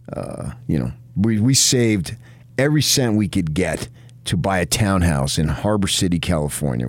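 A middle-aged man with a very low, deep voice, recorded dry and close. He is from New Jersey and rambles through anecdotes in a relaxed chat. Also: no echo. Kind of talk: casual chat.

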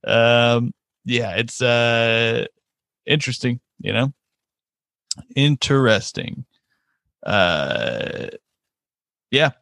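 A man hosting a casual podcast, laughing often and swearing freely. He reads listener comments aloud in a relaxed way. The sound is close and dry, with no room around it. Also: mid-range voice, drawn-out words, creaky, clear, resonant tone, no echo. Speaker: podcast host. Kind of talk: casual chat.

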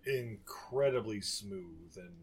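A man's voice: medium pitch, slow, gravelly, breathy edge. A man co-hosting a podcast, chatting casually and laughing often. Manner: laughing, animated banter. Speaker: podcast co-host. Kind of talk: casual chat.

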